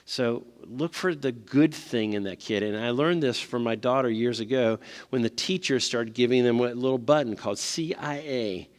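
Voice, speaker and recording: At a parent seminar held in a church hall, a man tells stories and asks the audience questions in a conversational manner. He speaks at normal speed in a mid-range voice with hardly any pauses, and long hall reverb colours the recording.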